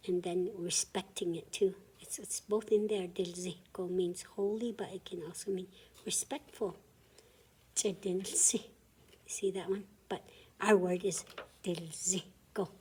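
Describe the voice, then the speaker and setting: A woman leads a language lesson at a very unhurried pace, sounding words out syllable by syllable so students can repeat them. Her voice is husky and warm, and she often sinks into a soft half-whisper. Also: mid-range voice. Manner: patient, breaks words into syllables for repetition. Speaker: language teacher.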